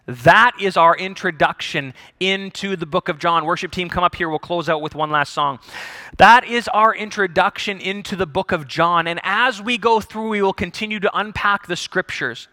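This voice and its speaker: A male pastor preaching a sermon, telling the story in an animated way with jokes and acted-out voices. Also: a little high, moderate pace, dry recording, studio quality.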